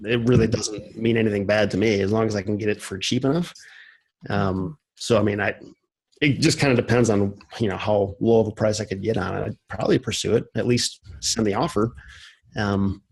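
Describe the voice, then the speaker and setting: A man's voice: fairly low pitch, steady tone, a little fast, a little mellow, low-quality recording. A man talking as a podcast guest in casual conversation, hesitant and full of fillers.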